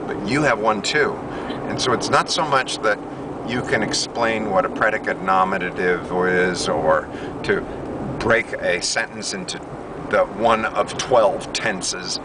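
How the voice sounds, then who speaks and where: An American man with a lowish voice talks through his ideas in a loose, earnest monologue from inside a car. He restarts his sentences as he goes. The mic sits a bit away from him, and loud road and traffic noise runs underneath. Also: unhurried, distant mic. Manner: earnest, pitching ideas, self-correcting. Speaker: English teacher. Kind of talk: rambling video monologue. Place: inside a car on a city street.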